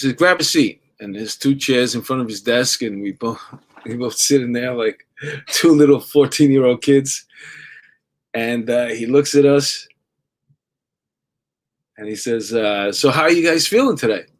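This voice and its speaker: New guy telling stories, middle aged, chatty with restarts. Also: mid-range voice. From New York. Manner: conversational with laughs and restarts. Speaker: storyteller. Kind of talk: personal storytelling.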